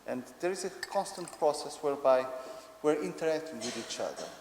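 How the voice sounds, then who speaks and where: A man's voice: on the high side, animated, a little fast, a little mellow. A man with a Portuguese accent giving a conference lecture, explaining hesitantly with many ums. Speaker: conference speaker. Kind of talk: academic lecture. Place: conference hall. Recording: echoey hall with faint noise.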